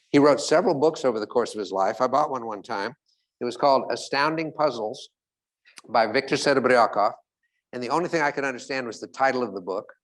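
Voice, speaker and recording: A man speaking as a motivational speaker, telling stories to a live audience, asking it questions and slowing down on key points. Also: mid-range voice.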